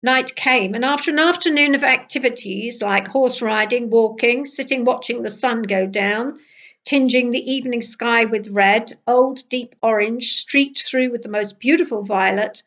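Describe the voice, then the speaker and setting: An older woman from Britain reading her travel memoir aloud in a lively, wry storytelling manner. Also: on the high side, normal speed, highs cut off.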